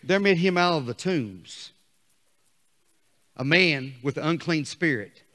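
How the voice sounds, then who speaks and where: Fiery preacher in a reverberant church. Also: male voice, on the high side, takes it slowly, slight background noise. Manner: animated, swings from quiet asides to shouting. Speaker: pastor. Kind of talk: sermon. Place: church sanctuary. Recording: long hall reverb.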